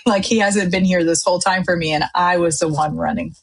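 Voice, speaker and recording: Podcast guest: middle-aged woman, husky low voice, animated storyteller voicing her past self. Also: a little fast, poor audio. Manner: lively storyteller, acts out her own past outbursts. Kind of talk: testimony in casual chat.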